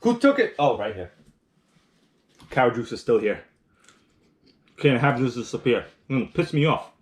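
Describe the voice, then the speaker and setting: A man's voice: medium pitch, unhurried. A man hosting a casual live stream, chatting while eating and reading viewer comments aloud, rambling with restarts. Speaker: livestream host.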